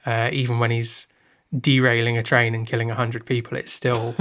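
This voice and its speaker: A man in relaxed conversation on a film podcast, talking at a mid pitch. He thinks aloud and restarts his sentences, keeping an easy, casual tone. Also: moderate pace. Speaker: podcast co-host.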